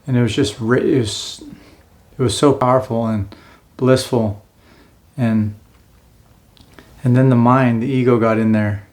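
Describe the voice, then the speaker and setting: A man's voice: mid-range voice, fairly even intonation, measured pace, long pauses, a little mellow. A man in his forties telling his own life story in a casual, earnest way, now and then acting out what he said back then. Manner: earnest, acts out his own past lines.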